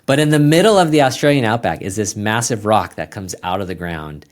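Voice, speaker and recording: A man with a fairly low voice talks through his work as a guest on an interview show. His speech is casual and rambling, full of restarts and self-corrections. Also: animated, fairly quick. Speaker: guest accountant.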